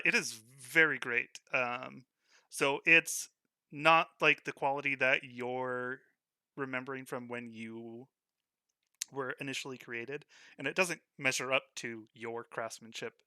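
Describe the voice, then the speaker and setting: Brief: male game master, very bright tone, dry close mic on a call, easygoing narration. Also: medium pitch, a little slow, no echo. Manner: relaxed descriptive narration with fillers. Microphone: online voice call.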